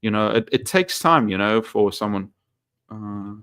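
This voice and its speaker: A man's voice: on the low side, animated, measured pace, fairly bright tone, clean tone, no room sound, clean studio sound. A man teaching English on a live stream, chatting loosely and reading viewer comments aloud, full of fillers and restarts. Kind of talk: casual live-stream chat.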